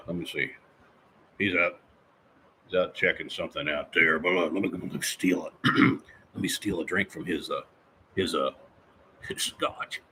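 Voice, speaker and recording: A man voicing a folksy, rambling middle-aged handyman who clears his throat often while chatting with viewers. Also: low voice, bright, forceful tone, a little hiss or hum, pitched below the performer's own voice. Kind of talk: live-stream character chat reading viewer comments.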